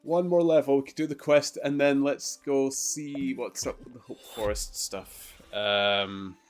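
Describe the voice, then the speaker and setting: A man's voice: medium pitch, slow pace, soft background music. A man chatting casually while streaming a game, rambling through laid-back stories with plenty of filler. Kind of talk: casual chat while gaming.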